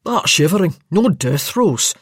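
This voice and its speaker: A woman's voice: lowish voice, moderate pace, darkish tone, dry recording, natural voice. Audiobook: woman playing a curt male stretcher-bearer, slightly raised, dry studio. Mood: impatient. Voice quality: terse, impatient. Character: impatient WWI stretcher-bearer, man. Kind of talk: audiobook character voice.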